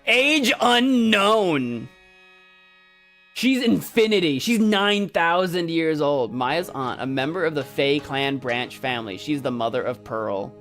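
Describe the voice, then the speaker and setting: A woman's voice: low voice, normal speed, hardly any pauses, soft background music. A woman giving casual, self-mocking commentary while playing a game, chatty and laughing often. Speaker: let's play streamer.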